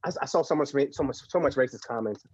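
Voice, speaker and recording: A young adult man from Puerto Rico with a Puerto Rican accent, a podcast guest telling stories in a slangy, animated way and laughing often. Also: medium pitch, fast talker, slightly rough, no room sound, lo-fi sound. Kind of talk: casual podcast conversation.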